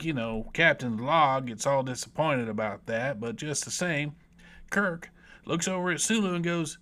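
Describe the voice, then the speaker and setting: A man's voice: fairly high pitch, a bit bright. A man with a Southern US accent, telling a comedic, rambling, irreverent story as a book reviewer.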